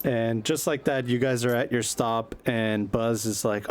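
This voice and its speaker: A man's voice: mid-range voice, fairly even intonation. A man narrating a tabletop role-playing game as game master in a casual, loose manner. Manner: casual, quick narration with frequent fillers.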